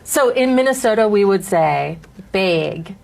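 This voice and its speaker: A woman dialect coach in a social media clip, demonstrating how words are pronounced and drawing them out slowly. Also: mid-range voice, expressive, vocal fry, a little mellow.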